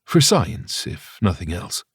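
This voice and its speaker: A man's voice: low-pitched, big pitch swings, takes it slowly, creaky, husky, no echo, exaggerated voice. A man voicing a tense, erratic grieving male teacher in an audiobook, clipped and testy. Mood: flustered.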